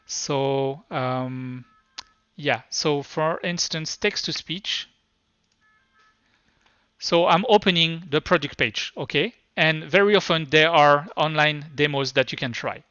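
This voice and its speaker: A man's voice: fairly high pitch, sharp tone, smooth, dry recording. French-accented man giving a live demo. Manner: halting, many restarts and fillers. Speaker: conference speaker. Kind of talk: live tech demo talk. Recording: dull lo-fi sound.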